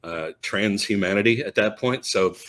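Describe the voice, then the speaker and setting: A man's voice: lowish voice, normal speed, a bit bright. A man from Minnesota co-hosting a horror movie podcast, laid-back with dry wit in casual chat. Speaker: podcast co-host.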